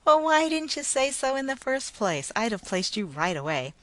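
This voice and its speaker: A woman reading a story, voicing a brusque, blustering male parade manager who talks loudly and hostilely. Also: sits high, very animated, moderate pace, voice pushed up. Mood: jovial. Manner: blustering, loud, hostile then jovial.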